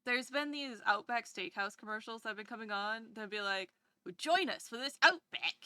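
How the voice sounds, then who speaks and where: A woman streamer chatting casually on a live stream, rambling and swearing in an animated way. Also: fairly high pitch, moderate pace, smooth, dry recording. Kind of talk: casual livestream chat.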